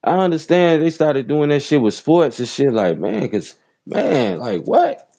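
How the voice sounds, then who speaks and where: A man's voice: fairly high pitch, big pitch swings, unhurried, vocal fry, dark tone. A man from Chicago, a rideshare driver and show host, giving loose, profane ranting commentary from inside a car and repeating "real talk" often.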